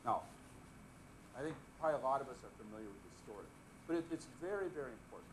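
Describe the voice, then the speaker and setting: A man's voice: medium pitch, rapid-fire, slight background noise, poor audio. A man preaching a casual Bible lesson, chatting with the audience, asking them questions and joking as he goes. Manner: conversational, often asks the audience questions; relaxed and joking, chuckles while speaking.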